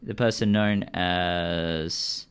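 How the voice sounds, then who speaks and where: Smooth-voiced man running a tabletop game. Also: sits low, drawn-out words. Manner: relaxed, joking narration. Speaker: game master. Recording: faint network glitches over a stream.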